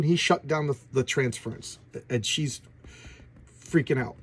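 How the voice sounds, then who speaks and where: Male host, casual review vlog; husky, eager, tumbling and repetitive delivery. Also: medium pitch. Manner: excitable, gushing, repeats words. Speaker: comic book channel host. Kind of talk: casual comic book review.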